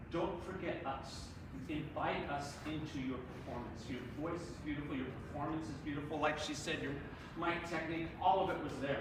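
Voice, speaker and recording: A fairly high-voiced man gives lively, encouraging feedback to a group of singers, laughing now and then. He is heard from a distance in a very echoey hall, with steady background noise. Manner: encouraging, animated, laughs often. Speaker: performance adjudicator. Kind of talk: live feedback to performers. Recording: echoey room, far from the mic, noisy.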